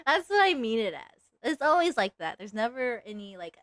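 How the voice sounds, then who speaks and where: A woman's voice: on the high side, animated, normal speed, fairly bright tone, a little hiss or hum. A young woman streamer chatting casually with her viewers while she draws, giggly and self-mocking. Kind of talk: casual live-stream chat while drawing.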